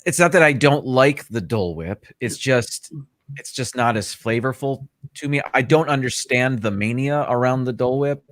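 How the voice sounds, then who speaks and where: A man speaks as a guest in a relaxed online chat, earnest and eager, pressing his points with emphasis. His mid-pitched voice is recorded very dry, with no room sound. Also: normal speed, no echo. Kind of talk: casual video chat.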